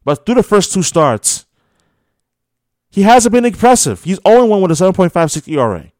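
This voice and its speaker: A man's voice: sits high, very animated, normal speed, a little mellow, no echo, clean studio sound. A man hosting a sports radio show, giving a heated opinion monologue full of scolding rhetorical questions. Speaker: radio host.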